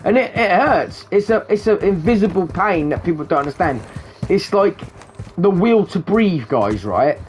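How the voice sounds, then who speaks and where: A man's voice: sits high, expressive, moderate pace, a little hiss or hum. Man chatting while gaming. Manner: rambling, swears often, keeps saying "guys". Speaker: gamer streamer. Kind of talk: casual chat while gaming.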